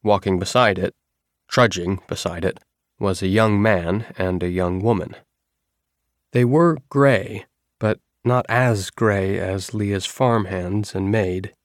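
A man reading a first-person novel aloud in a measured, even storytelling manner. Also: fairly low pitch, dry recording, clean studio sound. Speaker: audiobook narrator.

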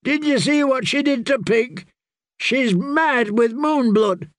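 A man's voice: very high-pitched, slow, dry recording, studio quality, voice pushed up. A man voicing a cowardly, mocking male jester outlaw who pleads and jokes in a sing-song way, in an audiobook. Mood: scared. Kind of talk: audiobook character voice.

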